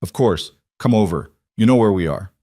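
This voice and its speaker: A man voicing a gentle, steady single father who speaks calmly and carefully. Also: on the low side, moderate pace, dry recording, clean studio sound. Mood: concerned. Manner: calm, careful.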